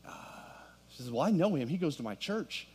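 Speaking a bit high, with wide swings in pitch and a dark, husky tone, this middle-aged male pastor moves at a fairly quick clip. In a church sanctuary full of congregants, his storytelling gradually turns into passionate preaching.

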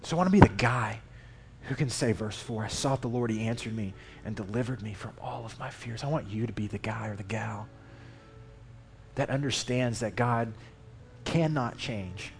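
A man's voice: mid-range voice, moderate pace, gravelly. Male lay preacher, mid-range voice, casual and emphatic, faint music underneath. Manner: conversational, emphatic, animated Scripture reading. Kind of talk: sermon. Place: church.

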